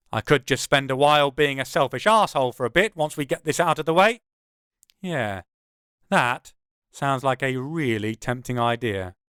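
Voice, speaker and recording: A man's voice: mid-range voice, a bit bright, clear, resonant tone, no room sound, clean studio sound. A man, narrating his own first-person audiobook in a wry, conversational way.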